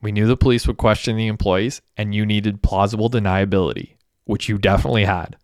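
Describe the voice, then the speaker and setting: A man voicing a calm, scheming roommate. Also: on the low side, fast talker, dry recording, clean studio sound, lightly acted. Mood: persuasive. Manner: calm, persuasive reasoning.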